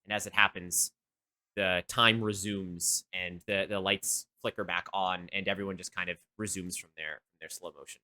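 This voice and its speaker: Bright-voiced male game master. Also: sits low, steady tone. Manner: halting, full of fillers. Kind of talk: narrating a tabletop game.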